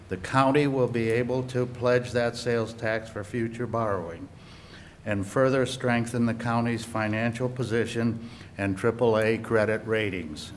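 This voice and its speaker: A man, a county auditor, giving formal testimony in a measured, prepared way. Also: medium pitch, slight background noise. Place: county meeting room.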